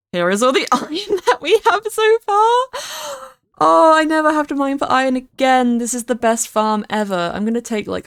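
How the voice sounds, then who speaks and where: While streaming a game, a young woman talks in a casual, playful way and frequently repeats words to stress them. She has a clear, resonant mid-range voice with no echo.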